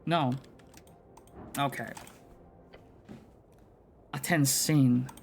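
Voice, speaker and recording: A man's voice: medium pitch, steady tone, extremely slow, creaky, slight background noise. A man streaming a story game, chatting casually with a profane, joking manner. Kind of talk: casual gameplay commentary.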